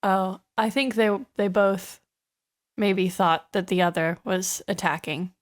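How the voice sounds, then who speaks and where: A woman's voice: mid-range voice, fairly even intonation, takes it slowly. A woman playing a tabletop game, chatting casually, giggly and a little hesitant. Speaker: player.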